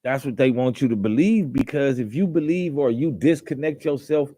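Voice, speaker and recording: A man's voice: mid-range voice, normal speed, dark tone, no echo. A man hosting a casual commentary monologue, rambling with fillers and restarts, asking rhetorical questions and mock-quoting others. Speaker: podcast host.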